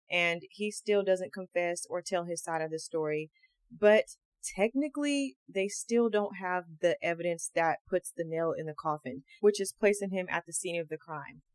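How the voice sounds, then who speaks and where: A woman hosting a true crime podcast, telling the story in a casual, slangy, animated way and acting out the quotes. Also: fairly low pitch, dry recording. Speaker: podcast host.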